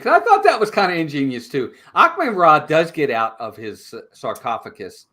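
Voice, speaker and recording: A man co-hosting a casual live-stream movie review, retelling scenes in an animated way. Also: fairly high pitch, moderate pace, few pauses.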